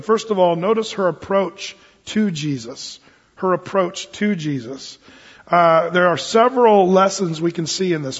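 Pastor, male, high husky voice, folksy conversational preaching; muffled recording with long hall reverb. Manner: folksy, conversational, with acted asides. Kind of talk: sermon.

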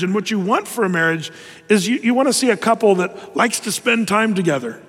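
Pastor, male, higher voice, earnest conversational sermon, echoing hall. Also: a bit bright. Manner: earnest, conversational preaching with pauses and restarts.

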